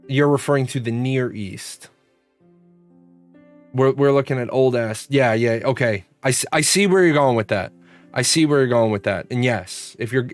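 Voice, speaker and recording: A man in his forties hosting a live stream, answering chat in a blunt, profane, rambling way. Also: mid-range voice. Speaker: streamer host. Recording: faint guitar music behind.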